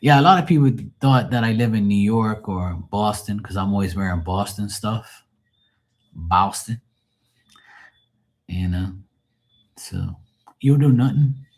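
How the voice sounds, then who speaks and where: A man's voice: lowish voice, normal speed, a little mellow. A Bermudian man hosting a live stream as a tarot reader, chatting loosely and jokingly and swearing freely. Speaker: livestream host and tarot reader. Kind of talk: casual live-stream chat. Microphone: phone.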